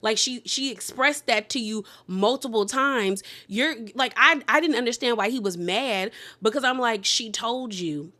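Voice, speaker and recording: A woman casually recapping a reality TV episode, sassy and animated, laughing often and acting out quotes. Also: fairly high pitch, measured pace, hardly any pauses. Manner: sassy, conversational, heavy use of "like".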